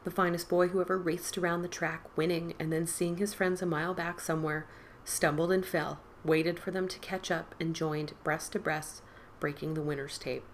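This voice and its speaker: A woman podcast host reading a spooky story aloud in an expressive storybook style, dropping to whispers and rising for the characters' cries. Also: lowish voice, normal speed, slight background noise. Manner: dramatic, drops to whispers and lifts for quoted boys' cries.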